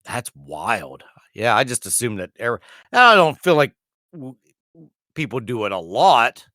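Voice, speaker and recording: Easygoing man with a lively voice. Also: medium pitch, no room sound, clean studio sound. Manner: easygoing, quick to agree and laugh along. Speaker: podcast co-host. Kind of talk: casual chat.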